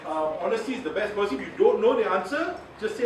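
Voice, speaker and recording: A man's voice: sits high, animated, fast talker, few pauses. A man with a Malaysian English accent giving a chatty workshop lecture, laughing often and mixing in Malay words. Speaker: media communication trainer. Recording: echoey, from far off, noisy.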